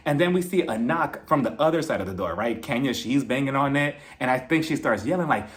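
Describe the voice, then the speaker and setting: A man's voice: mid-range voice, expressive, brisk, few pauses. A young man giving a casual, gossipy recap of a reality TV episode, with exasperated asides. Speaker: reality TV reviewer.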